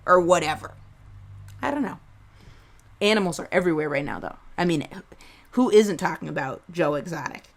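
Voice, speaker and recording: Woman comic, 30s, solo podcast host, lowish voice, loose crude rambling riffs. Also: animated, moderate pace, creaky, pauses often. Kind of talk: solo comedic monologue.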